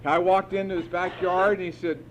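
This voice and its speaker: Middle-aged man telling a lively recovery story. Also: high-pitched, brisk, lo-fi sound, a little hiss or hum. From United States. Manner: animated storyteller acting out dialogue, chuckling. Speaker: recovery meeting speaker. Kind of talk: personal recovery story told to a meeting. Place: meeting hall.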